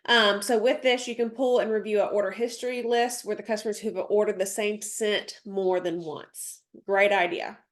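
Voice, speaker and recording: A woman's voice: mid-range voice, fairly even intonation, moderate pace, few pauses. Stuffy-nosed woman leading a chatty training call. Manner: chatty, with many ums and asides. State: stuffy nose. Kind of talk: casual training session, reading slides.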